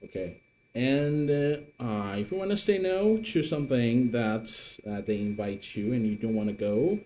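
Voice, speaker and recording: A man's voice: mid-range voice, moderate pace, warm tone. A man teaching an online lesson in English, patient and repetitive, with many fillers. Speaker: Mandarin teacher.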